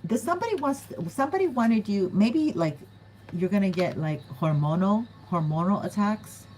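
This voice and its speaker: A woman's voice: medium pitch, lively intonation, moderate pace, darkish tone, a little hiss or hum, poor audio. A woman giving a casual, chatty tarot reading to her viewers, often giggling and acting out what other people might say. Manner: chatty, giggly, acts out quoted voices. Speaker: tarot reader.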